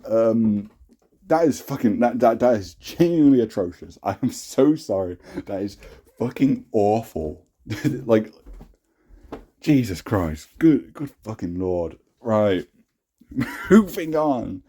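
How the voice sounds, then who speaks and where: A man's voice: on the low side, animated, takes it slowly, mellow. A young adult man hosting a casual talk, cringing at his own old writing, swearing often and laughing at himself. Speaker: host.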